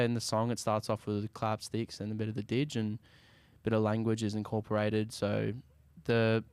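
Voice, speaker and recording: A young Australian man, a musician guest, talking casually in an interview in a laid-back, soft-spoken way that often trails off. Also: on the low side, clean tone, no echo.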